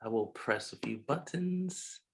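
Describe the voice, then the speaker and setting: A man's voice: medium pitch, animated, a little slow, creaky, noisy background. A man hosting a poetry reading on a video call, upbeat and chatty with casual slang. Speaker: host. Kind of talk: event hosting.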